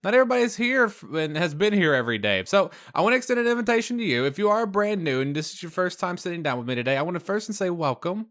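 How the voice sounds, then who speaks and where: A young man hosts a casual let's play, chatting and thinking aloud as he plays, with a mostly hidden Southern US accent. His voice is high-pitched, sing-song and a bit bright, very fast with hardly any pauses. He's upbeat and chatty, full of fillers and laughs.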